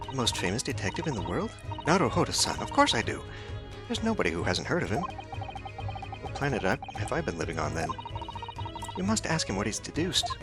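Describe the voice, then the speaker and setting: Guy reading a prim earnest young woman, scolding, lively pitch. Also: brisk, music in the background. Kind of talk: reading game dialogue aloud.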